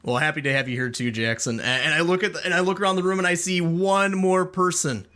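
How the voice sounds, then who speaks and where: Bright-voiced male podcast host. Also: a little high, steady tone. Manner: upbeat, halting with many restarts. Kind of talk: casual podcast chat.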